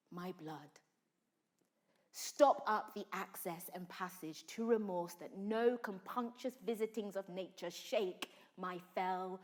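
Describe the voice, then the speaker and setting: Brief: ruthless noblewoman played by a woman, low, slow, dropping to whispers, stage monologue. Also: natural voice. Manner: slow, intense delivery with hushed whispered phrases. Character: Lady Macbeth, ruthless noblewoman summoning dark spirits. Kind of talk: Shakespearean monologue performance.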